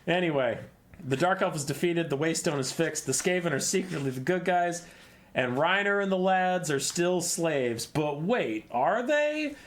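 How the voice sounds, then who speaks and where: A man's voice: on the high side, animated, unhurried. A man hosting his channel, casually summarizing a fantasy novel in a rambling, irreverent, swearing style. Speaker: channel host.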